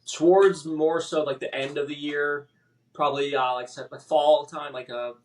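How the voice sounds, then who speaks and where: A man telling his personal story as a podcast guest, halting and emotional, with many restarts and fillers. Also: fairly high pitch, fairly even intonation, a little mellow, recorded from a distance, a little hiss or hum.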